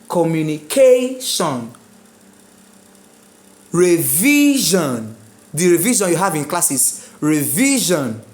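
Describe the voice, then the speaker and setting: A woman teaching an exam prep lesson, drilling words slowly, spelling them out letter by letter and checking in with her students. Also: fairly low pitch, darkish tone. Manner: checks in with listeners often. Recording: echoey room.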